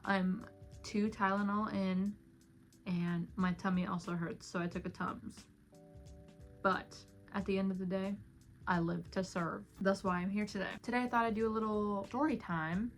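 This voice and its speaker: A young woman talks straight to her camera in a loose, rambling story time, joking about herself as she goes. She sounds a little under the weather from a headache, and faint music sits quietly behind her. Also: mid-range voice, steady tone, moderate pace. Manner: rambling, self-deprecating, chatty. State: unwell with a headache. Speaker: YouTuber. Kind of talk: casual story time vlog.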